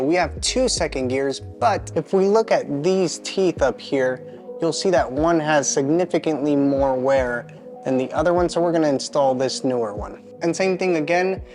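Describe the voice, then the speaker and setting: A man narrating a step-by-step repair in a casual, chatty way while he works, often poking fun at himself. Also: fairly high pitch. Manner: chatty, self-deprecating, talks to himself mid-task. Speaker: home mechanic channel host.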